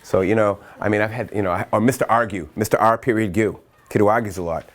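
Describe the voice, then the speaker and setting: Here a middle-aged man from Massachusetts, voice pitched lowish, gives an animated training talk to teachers. His stories come in fast bursts full of self-interruptions, acted-out quotations, and occasional chanting.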